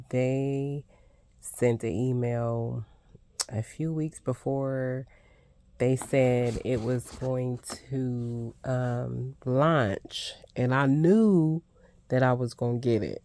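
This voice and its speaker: An older woman doing a casual unboxing vlog, gushing with excited exclamations as she shows off crafting supplies. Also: a bass voice, slight background noise. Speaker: crafting vlogger.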